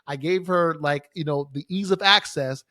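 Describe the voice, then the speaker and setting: Young man, somewhat high voice, casual swearing, dry close sound. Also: normal speed, bright, forceful tone, no echo. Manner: casual, profane, exasperated ranting with many fillers. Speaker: podcast host. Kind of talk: solo podcast storytelling. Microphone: studio microphone facing camera.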